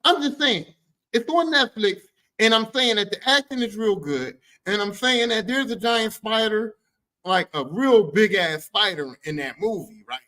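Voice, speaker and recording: A man with a very high voice talks casually about films, slangy and full of swearing. His tone is bright and sharp, and his storytelling stays lively and emphatic. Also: measured pace, low-quality recording. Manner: animated, profane, slangy storytelling. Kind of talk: casual chat about movies.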